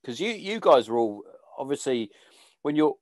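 A man's voice: medium pitch, very animated, moderate pace, no room sound. A man hosting a podcast in casual conversation, swearing freely and trailing off mid-sentence. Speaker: podcast host.

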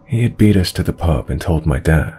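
A man narrating true horror stories in a calm, measured storytelling voice. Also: a bass voice, a little hiss or hum.

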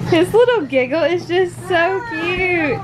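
A young mother with a very high voice giggles and coos affectionately at her baby while she films around her home. She talks slowly and unhurriedly, and there is clear background noise on the handheld home-video recording. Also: expressive. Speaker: mother filming her family. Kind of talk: casual home vlog. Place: family home kitchen and living room.

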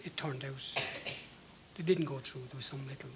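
An Irish man in his forties who sounds weak, answering an interviewer politely and quietly. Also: medium pitch, fairly even intonation, very noisy. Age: 40s. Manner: quiet, polite, measured replies. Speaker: guest.

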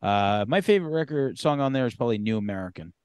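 A man's voice: medium pitch, lively intonation, fast, darkish tone, clean tone, dry recording. A man hosting a podcast, chatting loosely with plenty of fillers and the odd curse. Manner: loose and profane, many fillers. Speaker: podcast host. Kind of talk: casual chat.

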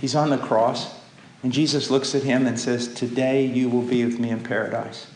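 A man preaching a sermon, with impassioned pleading that climbs to loud peaks. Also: medium pitch, little pitch movement, moderate pace, slight background noise. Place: church hall. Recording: echoey church with faint ambience.

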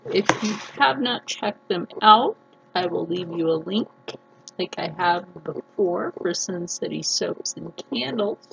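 A woman gushing through a slow lo-fi unboxing. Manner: gushing, excitable, swings into high squeals over items. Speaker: vlogger. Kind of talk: casual unboxing vlog. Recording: dull lo-fi sound with clear background noise.

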